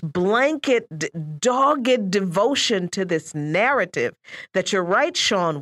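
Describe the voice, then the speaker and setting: A woman co-hosting a political talk radio show, speaking in an animated, emphatic way and often laughing while she talks. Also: mid-range voice, no echo, studio quality.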